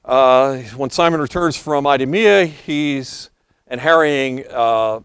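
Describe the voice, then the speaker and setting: A man preaching a sermon, retelling history in a loose storytelling way and reading passages aloud, hoarse as he is losing his voice. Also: mid-range voice, takes it slowly, a bit bright, no room sound, clean studio sound. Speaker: pastor.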